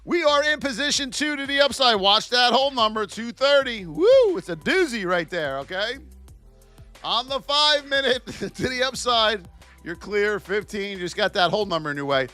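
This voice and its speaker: A man teaching stock trading while reviewing charts live, in an excitable, playful way with frequent exclamations. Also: extremely high pitch, moderate pace, faint music behind. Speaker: trading educator.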